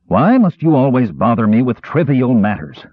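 A stern, short-tempered lord in a storybook reading, as a man puts him on, husky and clipped. The recording is dry and tinny, like a phone line. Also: medium pitch, big pitch swings, normal speed, no echo. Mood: curt. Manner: curt, snapping. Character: stern middle-aged nobleman, curt and irritable.

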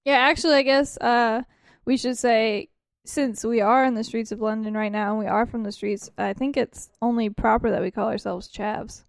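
A woman's voice: fairly high pitch, steady tone, normal speed, vocal fry, hardly any pauses, dry recording, studio quality. A woman co-hosting a podcast, chatting in a playful, teasing way and laughing often. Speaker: podcast co-host. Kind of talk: casual comedic chat.

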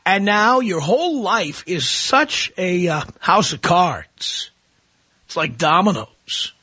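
A man's voice: sits high, sing-song, slow pace, bright, forceful tone, breathy edge, dry recording. A middle-aged man hosting a talk radio show, ranting and mocking his listeners with sarcasm. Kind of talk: opinionated talk radio monologue.

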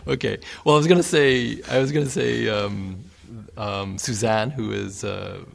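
A man's voice: fairly low pitch, measured pace, creaky, long reverb tail, slight background noise. A man co-hosting a casual film discussion podcast, talking hesitantly with many ums and restarts. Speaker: podcast co-host.

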